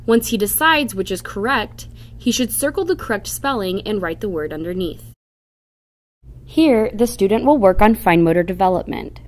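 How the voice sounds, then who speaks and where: A woman's voice: medium pitch, animated. A woman giving scripted instructional narration for a reading program, carefully sounding out example words. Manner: slow, careful demonstration of word sounds.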